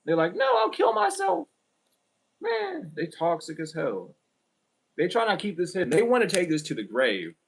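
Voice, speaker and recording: A man's voice: on the high side, big pitch swings, brisk, a little hiss or hum, rough recording. A man giving a casual spiritual tarot reading, blunt and emphatic, swearing often and repeating himself. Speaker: tarot reader.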